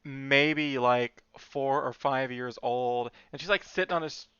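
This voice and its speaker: Male streamer, smooth voice, rambling filler-heavy chatter, slightly dull mic. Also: medium pitch, measured pace, fairly bright tone, no room sound. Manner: chatty, lots of "like" fillers, muttered asides. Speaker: streamer drawing live. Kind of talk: casual rambling stream chat.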